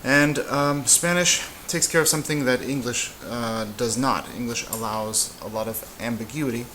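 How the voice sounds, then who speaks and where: A man teaching a casual whiteboard lesson, relaxed and halting, with frequent fillers and restarts. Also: mid-range voice, slight background noise, poor audio. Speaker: Spanish teacher.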